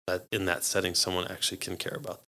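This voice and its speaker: A man's voice: deep voice, fast talker, vocal fry. A man, a podcast guest, telling stories in a casual way and acting out the people he quotes. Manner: animated, acts out quoted voices with laughs. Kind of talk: casual storytelling.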